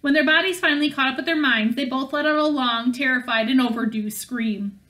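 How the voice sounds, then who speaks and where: A woman reads a novel aloud in a steady way, now and then stumbling and starting a phrase again. Her voice is high and bright. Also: fairly quick. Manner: steady reading with small slips and restarts. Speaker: audiobook reader.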